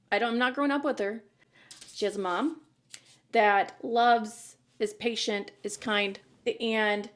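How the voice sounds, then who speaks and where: A woman in her thirties hosting a podcast, talking candidly and earnestly in a casual chat. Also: mid-range voice. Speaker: podcast host.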